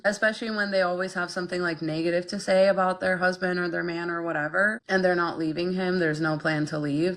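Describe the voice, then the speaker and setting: A woman's voice: fairly low pitch, a bit bright. Blunt young woman chatting on stream. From Ukraine. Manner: frank, blunt, filler-heavy, lots of "like". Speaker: podcast host reading chat. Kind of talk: casual livestream chat.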